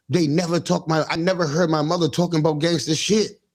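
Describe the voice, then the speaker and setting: An adult father with a higher voice, fairly even intonation and a darkish tone hosts a livestream, speaking a little fast. In a casual street-talk monologue about raising kids, he is blunt and profane, repeating himself and often stumbling and restarting sentences.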